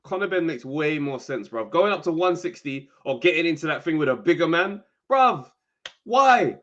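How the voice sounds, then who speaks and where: A man's voice: a little high, animated, moderate pace, a bit bright, highs cut off. A man, co-hosting a podcast and arguing his point insistently. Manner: argumentative, insistent. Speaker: podcast co-host. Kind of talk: casual debate.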